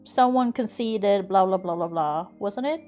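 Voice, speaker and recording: A woman's voice: medium pitch, a little slow, a little mellow, faint music behind. A woman from Sweden with a faint Swedish accent under American-sounding English, chatting casually on a live game stream, laughing often and swearing freely. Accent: faint Swedish under an American-learned English. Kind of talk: casual live-stream chat while gaming.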